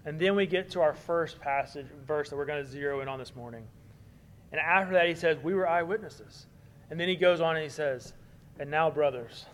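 A man preaching with earnest conviction. His voice sits a little high for a man. He presses hard on key points, then eases into a softer tone. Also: brisk. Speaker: pastor. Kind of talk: sermon.

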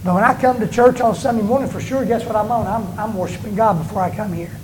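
A male pastor preaching a sermon in church, with emphatic delivery that rises and falls and slows down on stressed words. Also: sits high, background noise.

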